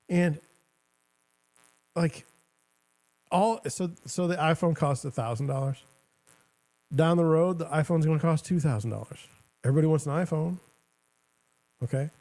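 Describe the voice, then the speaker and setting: Gravelly, mellow-voiced man ranting casually. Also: a little high. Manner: rambling, sarcastic, self-interrupting. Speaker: show host. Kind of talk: casual commentary.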